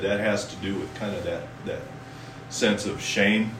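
A man preaching a sermon as pastor, folksy and conversational, reading scripture slowly and with emphasis. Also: lowish voice, steady tone, noisy background. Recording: echoey room from a distance.

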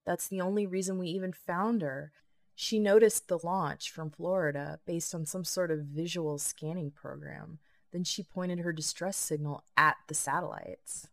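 A wry, hard-drinking woman official, as a woman reads her in an audiobook. She talks dry and matter-of-fact, in a low, gravelly voice. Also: steady tone, normal speed, no room sound.

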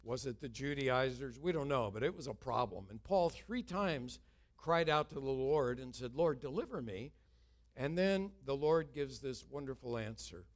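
A man's voice: medium pitch, lively intonation, normal speed. An older man, a longtime pastor, preaching an earnest sermon with humorous asides.

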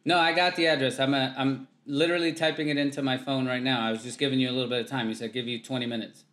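A man hosting a podcast, chatting casually, with joking, teasing remarks and quick reactions. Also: mid-range voice, level tone, fairly bright tone, reverberant. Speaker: podcast host.

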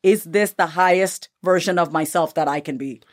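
With a lowish voice and a moderate pace, this woman is interviewed about her own life and the book she has coming out. She is candid and lively, acting out voices, and the clean studio recording has no echo.

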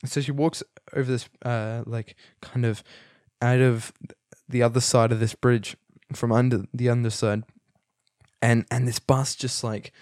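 A man's voice: medium pitch, flat delivery, measured pace, a little mellow, dry recording, studio quality. A young man giving a casual, rambling film review, amused and full of fillers and restarts. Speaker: movie reviewer.

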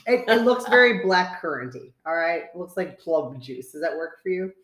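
A woman's voice: fairly low pitch, very animated, a bit bright. A young woman co-hosting a casual wine-tasting podcast chat, dry and teasing. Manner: dry, teasing, quick to correct. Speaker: podcast co-host. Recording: echoey room.

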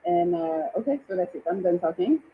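A woman's voice: fairly low pitch, animated, brisk, phone-quality sound, slight background noise. Chatty woman livestream host. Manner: chatty, greets viewers by name. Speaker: livestream dating show host. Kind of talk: casual livestream hosting.

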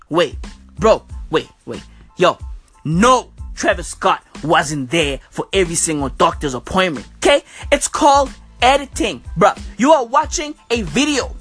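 A woman's voice: medium pitch, expressive, measured pace, breathy edge, soft background music. A woman giving a profane, slang-filled comedic rant, punctuating her points emphatically. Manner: profane, slangy, emphatic, keeps asking "okay?". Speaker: comedic commentator.

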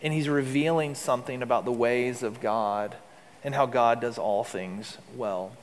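A man's voice: mid-range voice, steady tone, measured pace, big-room sound, a little hiss or hum. A man preaching a sermon as pastor, in an earnest, conversational way with rhetorical questions.

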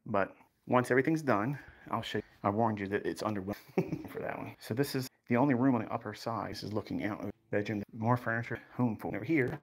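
A man's voice: lowish voice, fast talker, husky. A man in his fifties giving a rambling, boastful house tour on a livestream, laughing often, his voice strained by back pain. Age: 50s. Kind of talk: casual livestream walkthrough.

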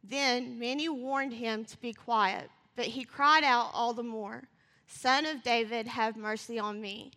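A woman preaching a sermon. She reads scripture and talks fast, rising to passionate calls. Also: fairly high pitch, steady tone, pushed and bright. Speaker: church speaker. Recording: long reverb of a church hall.

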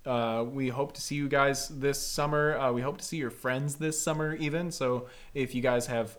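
Camp podcast host, casual chat, rambling, jokey, lots of fillers. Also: medium pitch.

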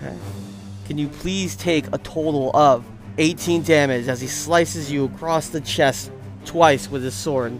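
A man narrating a tabletop game as its game master, loose and casual, with quick jokes. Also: a little high, steady tone, soft background music.

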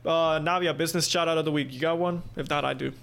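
Gravelly podcast host. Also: male voice, fairly high pitch, fairly even intonation, fast, fairly bright tone, slight background noise. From Puerto Rico. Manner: laid-back, mixes in Spanish, swears. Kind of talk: casual podcast chat.

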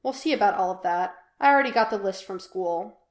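A woman voicing a casual, offhand middle-aged man who cares deeply, in an echoey room. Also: expressive, a little fast, lightly acted. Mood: wry. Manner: casual, offhand, loud when calling.

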